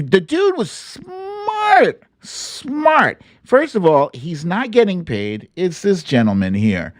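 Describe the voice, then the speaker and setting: A man hosting a show with casual commentary, animated and joking, swearing now and then. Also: mid-range voice, dry recording, studio quality. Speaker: show host.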